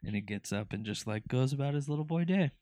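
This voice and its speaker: A man's voice: medium pitch, lively intonation, quick pace, warm tone, no room sound, studio quality. A man co-hosting a podcast in casual chat, talking in a laid-back, rambling way. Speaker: podcast co-host.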